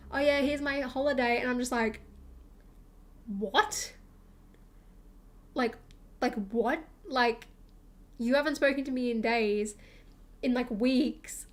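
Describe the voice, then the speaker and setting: A young woman streamer, her voice a little high, rambles through a casual storytime chat full of fillers and acted-out quotes of herself.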